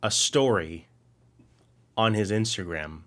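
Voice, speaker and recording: A man co-hosting a live stream, chatting casually and excitedly, reading out viewer comments and rambling. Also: fairly low pitch, slow pace. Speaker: co-host.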